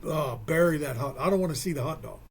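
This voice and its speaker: A man's voice: fairly high pitch, animated, fast talker, vocal fry, slightly rough. A man hosting a radio sports talk show, casual and joking, telling stories and working things out aloud. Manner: joking, storytelling, thinks aloud with math.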